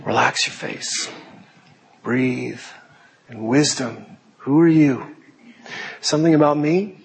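A middle-aged man preaching a sermon in a lively, joking way, slipping into put-on voices for effect. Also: takes it slowly, vocal fry, big-room sound, slight background noise. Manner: animated, jokey, puts on high panicky voices. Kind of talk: sermon with acted asides.

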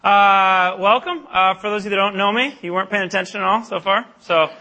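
Young male speaker for a campus ministry talk; high, bright voice, self-deprecating, animated, filler-heavy storytelling. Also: brisk. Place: church meeting hall.

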